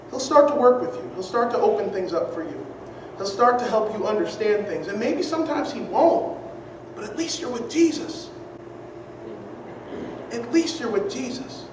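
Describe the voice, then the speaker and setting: A preacher with a high voice delivers an earnest sermon, driving points home through repetition and rhetorical questions. The sound is heavily echoey, picked up from a distance, with a faint hiss underneath. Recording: very echoey room, distant mic, faint noise.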